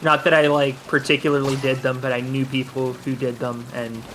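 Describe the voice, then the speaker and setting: A man's voice: mid-range voice, level tone, brisk, background noise. A man doing casual live commentary on a speedrun, joking and rambling with lots of fillers. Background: game music.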